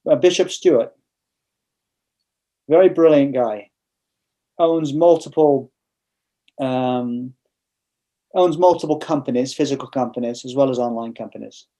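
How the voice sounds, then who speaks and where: Mellow-voiced English man, blunt storyteller. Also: mid-range voice, measured pace, long pauses. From England. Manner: blunt, storytelling, frequent restarts. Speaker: interview guest. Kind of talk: casual conversational interview.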